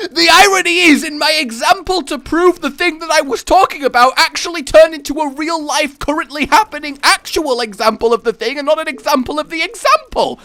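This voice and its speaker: A young man rambling through casual gameplay commentary, self-mocking and breaking into loud laughing shouts. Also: very high-pitched, expressive, moderate pace, few pauses, dry recording. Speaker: gaming YouTuber.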